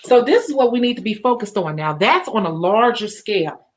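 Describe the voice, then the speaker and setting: A woman's voice: mid-range voice, expressive, brisk. A woman teaching nail techs in a casual, chatty coaching tone, acting out a salon appointment with a client. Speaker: nail tech educator. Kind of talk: instructional chat with role-play demo.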